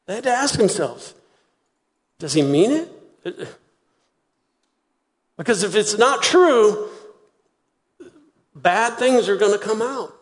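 A man preaching a sermon, retelling a story with lively acted-out voices. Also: sits high, unhurried, pauses often, long reverb tail. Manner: animated storytelling, acting out voices. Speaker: pastor.

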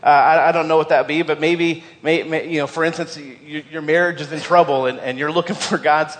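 A man's voice: on the high side, steady tone, a little fast. Earnest male pastor in a reverberant church. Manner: earnest, repeats key phrases for emphasis; frequent stumbles and repeated words. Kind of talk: sermon.

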